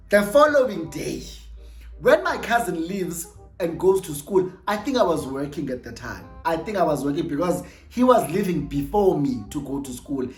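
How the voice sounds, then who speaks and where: A young South African woman with a Xhosa-flavoured accent, casually telling an animated story and switching between English and Xhosa. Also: deep voice, echoey room. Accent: South African, mixing in Xhosa. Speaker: storytime vlogger.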